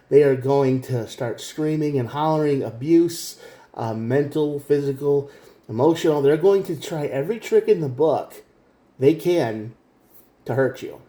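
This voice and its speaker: A man's voice: mid-range voice, mellow, roomy sound. A man giving a casual spoken tarot reading, earnest and direct, often repeating himself. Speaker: tarot reader.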